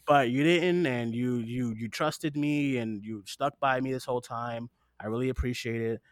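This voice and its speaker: A man's voice: mid-range voice, normal speed, dry recording, clean studio sound. A man hosting a podcast in casual chat, rambling and earnest, swearing now and then, teary-eyed while speaking into a desktop mic. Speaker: podcast host.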